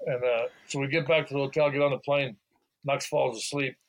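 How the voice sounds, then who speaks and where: Older man, halting storyteller. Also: medium pitch, fairly even intonation, poor audio. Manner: halting, repeats words, laughs while telling stories. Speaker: podcast guest. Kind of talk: casual interview chat.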